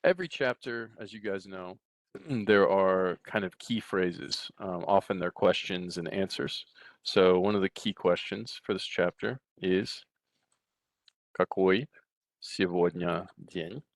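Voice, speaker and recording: A middle-aged Russian language teacher gives a recorded lecture from a textbook, relaxed, often checking in with "right?" and restarting sentences. His voice is low-pitched and slow, with no echo.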